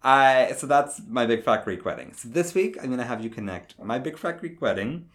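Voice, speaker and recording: A man co-hosting a casual movie review podcast, relaxed and laughing often, trailing off mid-sentence. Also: medium pitch, moderate pace. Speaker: podcast co-host.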